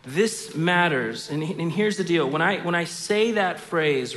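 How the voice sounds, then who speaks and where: Pastor, middle-aged man, higher voice, impassioned sermon delivery, long reverb of a church hall. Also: expressive, unhurried, few pauses. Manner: impassioned, swings from hushed to loud emphatic preaching.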